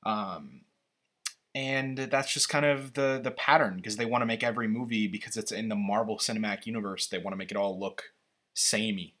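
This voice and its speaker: Guy rambling thru a trailer reaction, kinda low voice but bright, lots of restarts. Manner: rambling, halting, opinionated. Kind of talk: casual reaction commentary.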